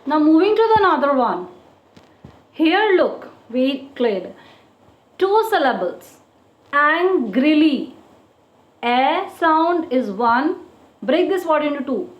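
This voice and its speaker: A woman teacher with a high voice works slowly through a grammar lesson, repeating each point and asking "okay?" as she goes. The recording is dull and lo-fi, with an echoey room around her. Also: animated. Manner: slow, drawn-out explanations, repeating each point and checking with "okay?". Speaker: school teacher.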